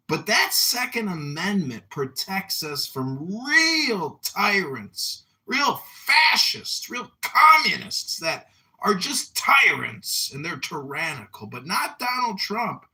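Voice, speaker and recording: A man rants in a mocking, theatrical way, his pitch swinging widely as he goes. His tone is bright and pointed. Now and then he bursts into loud, chanting exclamations. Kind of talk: mocking satirical rant.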